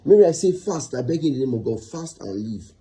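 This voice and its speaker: A young man with a Nigerian accent, angrily scolding and shouting in a Nollywood drama scene. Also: medium pitch, very animated, brisk, breathy edge. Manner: angry, scolding, repetitive. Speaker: actor.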